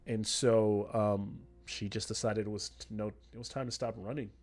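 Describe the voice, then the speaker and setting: A man's voice: lowish voice, fairly even intonation, moderate pace, darkish tone, soft background music. A man narrating as game master of a tabletop game in a loose, chatty way.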